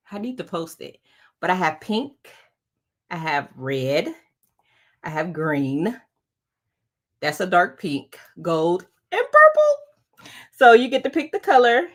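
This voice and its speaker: This crafting channel host is a woman with a mid-range, fairly bright voice, running a casual livestream. She's bubbly and talkative, laughs a lot, and addresses her viewers directly.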